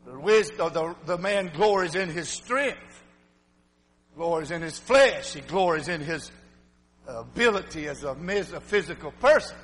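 An older man preaching an emphatic revival sermon, swinging from shouts to low muttering. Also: lively intonation, a little slow, long reverb tail, poor audio.

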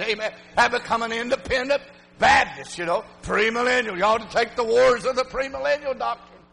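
Older man, preacher, very high voice, emphatic revival sermon, long church-hall reverb. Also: moderate pace, gravelly. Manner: emphatic, swings from shouting to low muttering.

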